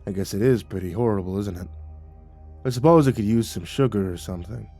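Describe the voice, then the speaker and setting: A man voicing an ancient male skinwalker who speaks in a low, mocking, calmly amused way. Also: fairly quick, slightly rough, soft background music. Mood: sly. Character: ancient sly male skinwalker, teasing and unhurried.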